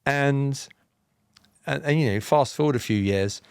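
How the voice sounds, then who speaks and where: A man from England with a southern, BBC-style received pronunciation accent, telling personal stories as a podcast guest in a measured, explanatory way with self-deprecating humour. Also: medium pitch, vocal fry, a little mellow, smooth, dry recording, studio quality. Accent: Southern English, BBC-style received pronunciation. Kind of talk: reflective personal storytelling.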